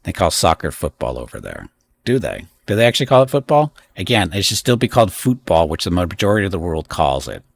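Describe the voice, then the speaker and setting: Gravelly deep-voiced streamer. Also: male voice, big pitch swings. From United States. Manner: rambling, opinionated, quick asides to chat. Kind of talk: casual live-stream commentary.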